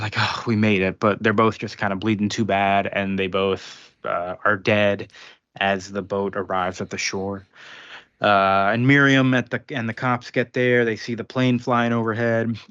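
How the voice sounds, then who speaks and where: A man's voice: fairly low pitch, a bit bright, clear, resonant tone, no room sound, highs cut off. A man casually recapping a comic book on a podcast, rambling with fillers and acting out lines of dialogue. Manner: rambling, laughing, acts out quotes. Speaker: podcast co-host.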